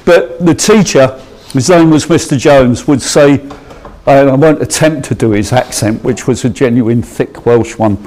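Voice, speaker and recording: A man's voice: mid-range voice, a little slow, a little mellow. A middle-aged man from England giving an informal sermon, telling a school memory with hesitant restarts, chuckles and growing enthusiasm. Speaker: preacher. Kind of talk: anecdotal sermon.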